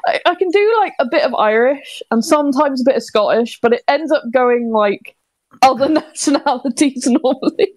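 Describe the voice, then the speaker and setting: A woman's voice: high-pitched, animated, moderate pace, a little mellow, dry recording. A British woman hosting a gaming stream, chatting casually and laughing often into a close mic. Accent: British English. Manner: giggly, bubbly, laughs often. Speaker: streamer host.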